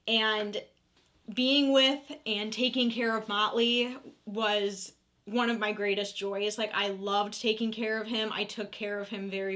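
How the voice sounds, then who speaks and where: Bright-voiced young woman vlogging. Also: on the high side. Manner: candid, emotional, sometimes swearing. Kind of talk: casual Q&A chat to camera.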